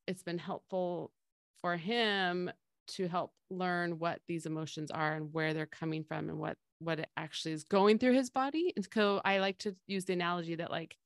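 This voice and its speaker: A woman's voice: on the low side, no room sound, studio quality. A middle-aged woman co-hosting a casual podcast, explaining feelings through everyday analogies in a conversational way. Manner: explains with everyday analogies, acts out quoted voices. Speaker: podcast co-host.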